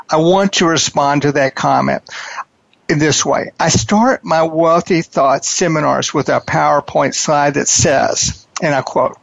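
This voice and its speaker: A man hosting a coaching interview, talking in a preachy, emphatic way and repeating his key phrases slowly. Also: on the high side, gravelly, fairly bright tone, dry recording, dull audio. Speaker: podcast host and wealth coach.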